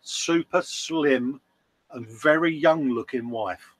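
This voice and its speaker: A man's voice: medium pitch, takes it slowly, background noise. An English man telling jokey stories and laughing in casual banter. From England. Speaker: guest on a live stream.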